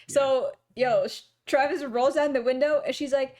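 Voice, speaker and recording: Giggly high-voiced woman co-host. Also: steady tone, unhurried, hardly any pauses, darkish tone. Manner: storytelling with frequent laughter and quoted voices. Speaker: podcast co-host. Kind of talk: casual chat.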